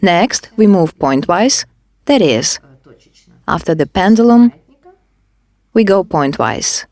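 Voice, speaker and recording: A woman demonstrating a facial care technique, giving calm step-by-step instructions. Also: on the low side, slow pace, no echo. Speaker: beauty device instructor.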